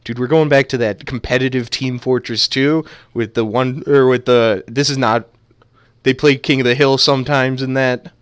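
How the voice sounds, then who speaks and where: A man's voice: medium pitch, steady tone, moderate pace, smooth, no echo. A man casting a video game match live, trading playful jokes with his co-caster. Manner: joking, playful banter. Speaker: esports caster.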